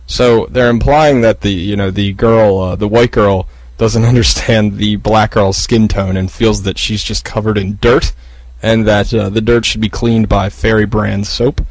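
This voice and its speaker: A man with a lowish voice hosting his own podcast, talking in a loose, profane, rambling way. He trips over restarts and fillers. The sound is close and dry. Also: fairly even intonation, unhurried, no echo, low-quality recording. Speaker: podcast host. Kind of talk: casual solo podcast rant. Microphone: podcast microphone.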